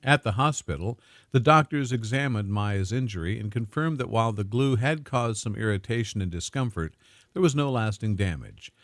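A man narrating a dramatic story in a smooth, scripted way. His voice sits low but moves lively through its pitch. The recording is dry and close. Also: normal speed, no room sound.

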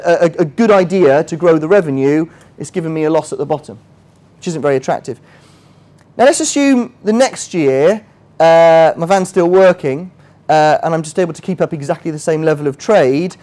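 In a workshop room full of people, a man leads a friendly, interactive finance session. His voice sits a little high with a darkish tone, moving at normal speed and full of expression. He chats casually, quizzes the audience to check they agree, and jokes at his own expense while explaining.

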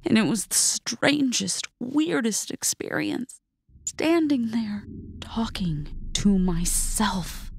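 Very slow, hushed female horror narrator. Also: a little high, vocal fry, slight background noise. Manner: slow, hushed, often whispered.

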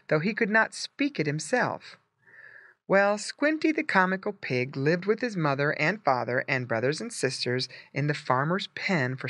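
A lively storyteller with a bright voice and a wide, animated lilt, reading a simple tale slowly and clearly for learners. The sound is close and dry. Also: mid-range voice, no echo. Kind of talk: scripted storybook narration for English learners.

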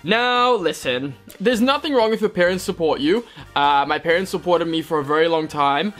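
Faint music plays behind a young equestrian vlogger as he casually reads comments and answers with wry jabs at himself. His voice is fairly high, expressive, and a bit bright at a moderate pace, and his accent mixes British and American.

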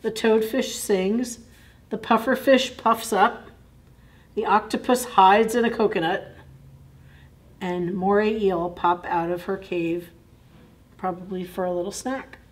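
Slow, gentle woman reading to kids. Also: mid-range voice, steady tone. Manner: gentle, chatty, asks listeners questions. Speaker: children's librarian. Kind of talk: children's story time read-aloud.

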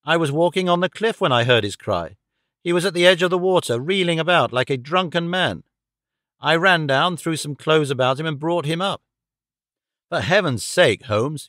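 A man's voice: fairly high pitch, a bit bright, no echo, clean studio sound. A man reading an audiobook, voicing a frantic middle-aged headmaster who talks urgently and pleads for help. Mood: pleading.

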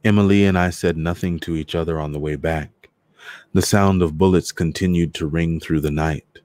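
A man doing a cold read of a short story in a measured, steady way. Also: rumbling low, dry recording.

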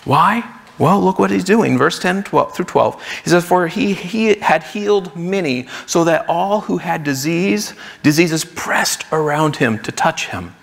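Man, pastor, sermon, conversational, gravelly, long hall reverb. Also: on the high side, measured pace. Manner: conversational preaching, acts out crowd voices. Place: church sanctuary.

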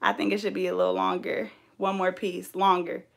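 A young woman, chatting casually and telling animated, sassy stories while she braids hair. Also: on the low side, brisk, creaky. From California. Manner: animated, laughing storyteller with playful sass.

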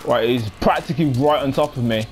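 A man's voice: medium pitch, a little fast, soft background music. A young man giving casual, jokey live commentary while playing a shooter game. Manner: chatty, jokey, self-narrating. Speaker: gaming commentator.

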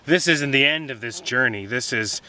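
A man giving a relaxed, folksy gardening demonstration outdoors in his vegetable garden, with many fillers. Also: medium pitch, normal speed. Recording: distant outdoor mic, faint noise.

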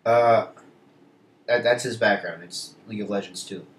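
A man's voice: on the low side, normal speed, a little hiss or hum. A teenage boy vlogging casually, rambling through a story with many restarts and asides. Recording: echoey room, mic at a distance.

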